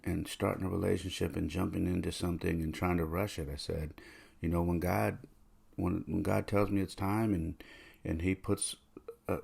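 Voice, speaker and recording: A man in his thirties talks through a personal memory on his podcast, soft-spoken and rambling, circling back over his words. His voice sits very low with a gravelly fry and a husky edge. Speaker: podcast host. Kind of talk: reflective personal monologue.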